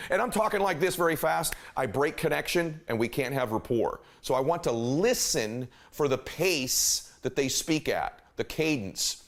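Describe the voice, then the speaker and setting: A middle-aged man giving an earnest motivational talk, emphatic and fond of repeating key phrases. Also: mid-range voice. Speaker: motivational speaker.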